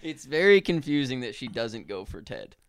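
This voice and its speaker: A man's voice: mid-range voice, big pitch swings, normal speed, no echo, studio quality. A young man co-hosting a casual movie podcast, ranting with sardonic jokes. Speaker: podcast co-host. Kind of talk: casual movie review chat.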